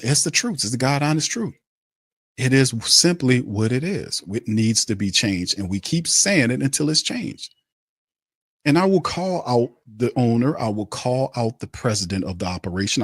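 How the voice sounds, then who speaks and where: A man's voice: fairly low pitch, no echo, clean studio sound. A man hosting a sports podcast, ranting angrily about his team and mocking its players. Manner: angry, mocking, repetitive ranting. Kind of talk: heated sports rant.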